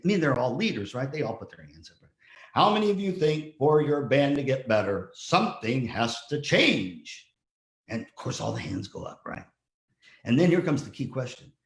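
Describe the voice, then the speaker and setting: A man's voice: medium pitch, roomy sound. An older man giving a motivational talk as guest speaker, telling a story and acting out the voices of the people in it. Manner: storytelling, acts out quoted voices. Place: virtual conference talk.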